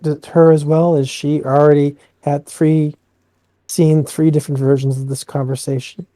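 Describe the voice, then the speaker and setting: A man's voice: fairly high pitch, little pitch movement, moderate pace, dark tone, dry recording. A man player asking questions casually in a tabletop game, hesitant and repeating words.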